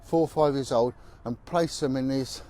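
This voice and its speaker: A man's voice: mid-range voice, moderate pace, warm tone. A man who is a former police officer, telling stories bluntly and with emphasis as he walks down a city street. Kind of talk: walking vlog monologue.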